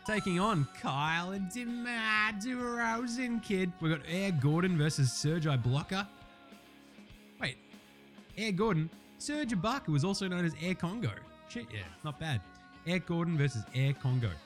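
A man's voice: a little high, expressive, moderate pace, soft background music. A man hosting a casual sports picks show, swearing freely and getting heated as he calls each game. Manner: profane, fired-up, ranting. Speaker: sports podcast host.

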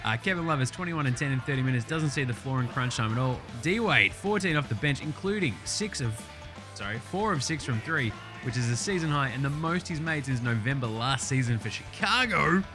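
A man hosting a casual sports recap, ranting excitably and swearing a lot. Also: medium pitch, fairly quick, music in the background. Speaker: podcast host.

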